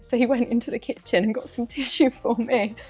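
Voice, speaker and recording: A woman with a gentle, reflective manner, telling a personal parenting story as a chat show guest. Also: a little high, steady tone, a little fast, husky, faint music behind. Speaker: guest, parent of a young son. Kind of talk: casual panel chat.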